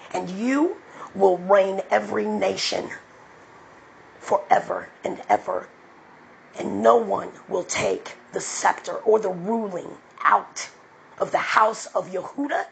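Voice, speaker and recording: A woman's voice: medium pitch, creaky, slight background noise, poor audio. A woman preaching with fiery, profane emphasis, then praying aloud. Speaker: online preacher. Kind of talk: impassioned preaching and prayer.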